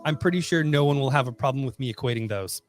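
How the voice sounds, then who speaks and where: A man's voice: medium pitch, fast, faint music behind. A man co-hosting a casual podcast about comics, rambling with lots of fillers and frequent laughter. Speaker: podcast co-host.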